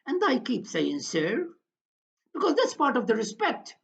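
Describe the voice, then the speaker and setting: An older woman telling a story to her viewers in a slow, deliberate monologue, often repeating her phrases, on a dull lo-fi recording. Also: high-pitched, wildly swooping pitch, vocal fry. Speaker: commentator.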